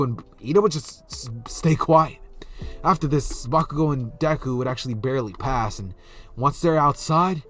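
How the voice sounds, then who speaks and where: A man casually improvising a fan story, rambling along and stopping to correct himself. His voice sits at an ordinary middle pitch. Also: fairly bright tone.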